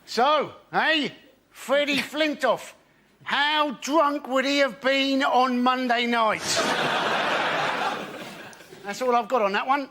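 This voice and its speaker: A man performing a stand-up routine on a comedy panel show with dry, deadpan delivery. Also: very high-pitched, takes it slowly, long pauses, slight background noise.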